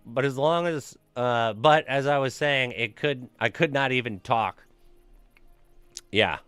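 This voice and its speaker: A man's voice: medium pitch, unhurried, fairly bright tone, clean tone, dry recording, soft background music. Joking, profane man streaming a game. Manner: loose, profane, joking storyteller reading chat. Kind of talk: casual stream chat with viewers.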